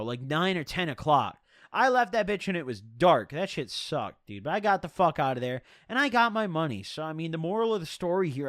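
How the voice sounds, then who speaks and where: A young man spins a story for his stream in loose, swearing slang, his voice sitting a bit high and swooping up and down. The sound is close and dry. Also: a bit bright, no echo. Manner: profane, rambling, slangy. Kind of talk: casual storytelling.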